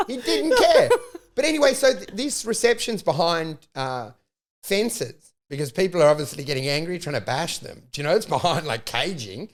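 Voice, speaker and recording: An Australian man telling a long comic story as a podcast host, swearing freely and ranting in an animated way. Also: on the high side, normal speed. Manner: profane, animated, rant-like storytelling. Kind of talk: casual comedic storytelling.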